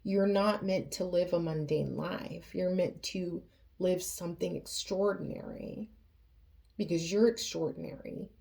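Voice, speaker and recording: A woman giving a tarot reading to her viewers, earnest and emotional, often pausing and restarting her sentences. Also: on the low side, steady tone, vocal fry, warm tone. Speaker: tarot reader.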